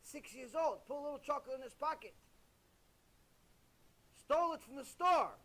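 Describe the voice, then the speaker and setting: A man preaching a sermon as a rabbi, animated, repeating himself and asking rhetorical questions. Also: extremely high pitch, normal speed.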